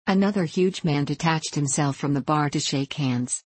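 A woman narrating an audiobook in a steady, measured reading voice. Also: deep voice, breathy edge, no echo. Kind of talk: scripted narration.

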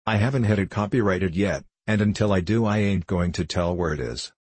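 A man's voice: low-pitched, fairly quick, a little mellow, husky, dry recording. A man voicing a queer, folksy old male hatter in a storybook reading. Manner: folksy, says ain't.

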